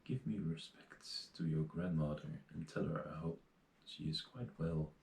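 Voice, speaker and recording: A crafty storybook wolf, played by a Dutch-accented man who talks soft and sly, in a very deep, gravelly, mellow voice. He takes his time, and the room gives an echo. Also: unhurried, exaggerated voice. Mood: sweet-talking. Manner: soft, sly and sweet-talking. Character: crafty male wolf faking politeness.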